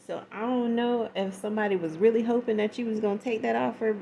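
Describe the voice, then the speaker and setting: Gravelly, chatty woman reading tarot. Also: fairly high pitch, fairly even intonation, quick pace, warm tone, a little hiss or hum. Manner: chatty, slangy, acts out little scenes. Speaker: tarot reader.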